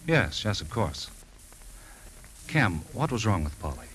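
An actor playing a hearty, brash family friend who handles an estate, talking in a blustery, dismissive way. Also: male voice, sits low, big pitch swings, a little slow, fairly bright tone, a little hiss or hum, exaggerated voice, low-quality recording.

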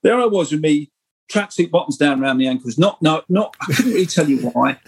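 A middle-aged man telling animated, rambling stories as a guest in a casual podcast interview. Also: on the high side, fairly quick, husky, rough recording. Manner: animated, rambling anecdotal storytelling. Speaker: guest screenwriter.

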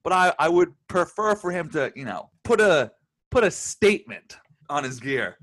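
A man's voice: on the high side, big pitch swings, normal speed, a bit bright. A man co-hosting a casual review podcast, easygoing and enthusiastic. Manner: easygoing, enthusiastic, laughs often. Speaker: podcast co-host reviewing a TV episode. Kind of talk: casual chat.

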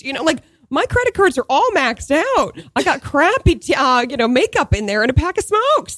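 Animated woman in her thirties, full of fillers. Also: high-pitched, fairly quick, few pauses, no echo. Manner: animated, heavy on "like" and "you know" fillers, laughs often. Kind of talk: casual storytelling chat.

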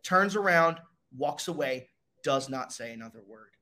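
A young man, a racing driver, telling his story in a casual interview with dramatic pauses and energy. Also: fairly high pitch, lively intonation, pushed and bright.

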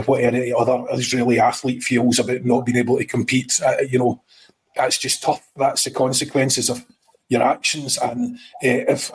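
A man's voice: mid-range voice, husky, rough recording. A man speaking as a podcast guest, hesitant and full of fillers but firm in his opinions. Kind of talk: casual chat.

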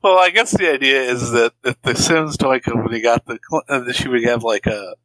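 Man, podcast co-host, bright tone, dry close sound, laid-back asides. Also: medium pitch, fairly quick, no echo, low-quality recording. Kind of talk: casual movie-riffing chat.

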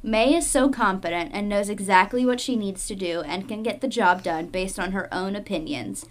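A woman's voice: mid-range voice, normal speed. A young woman co-hosting a podcast, chatting playfully about a TV show and adding trivia. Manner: playful, giggly, adds trivia. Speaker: podcast co-host, veteran viewer. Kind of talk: casual chat about a TV show.

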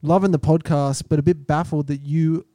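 A man's voice: on the high side, steady tone, normal speed, dark tone, no room sound. A young man co-hosting a casual podcast, teasing and laughing as he reads out reviews. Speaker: podcast co-host. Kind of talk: casual chat.

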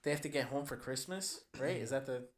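A man's voice: mid-range voice, brisk. A young man co-hosting a podcast in casual chat, easygoing, steering between topics. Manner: easygoing, runs the segments. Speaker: podcast co-host.

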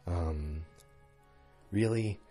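Deep-voiced tired guy yawning his way through a casual late-night episode recap, chatty and rambly. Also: drawn-out words, dark tone, faint music behind.

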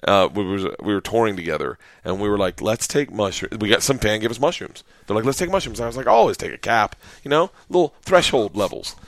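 Animated storytelling man, dry sound. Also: on the low side, fast talker, few pauses, dry recording. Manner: swears freely, laughs mid-story, acts out the people he quotes. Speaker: guest comedian.

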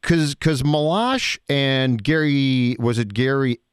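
A man's voice: medium pitch, animated, slow, smooth, no room sound, studio quality. A man interviewing a guest, prompting with short, curious follow-up questions.

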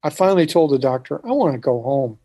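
A man telling a personal story in conversation, halting with frequent restarts and dropping quiet at moments. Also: medium pitch, sing-song. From United States. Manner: halting, restarts often, quiet when recalling. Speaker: speaker telling his life story.

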